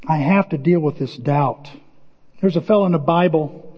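A man preaching a sermon as pastor, animated, acting out quotes and often repeating words. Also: a little high, moderate pace, husky, in a large hall, muffled recording.

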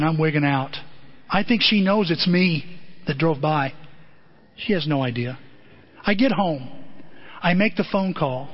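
A man preaching a sermon, telling a personal story in an earnest, self-deprecating way. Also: sits high. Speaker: pastor. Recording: dull lo-fi sermon recording.

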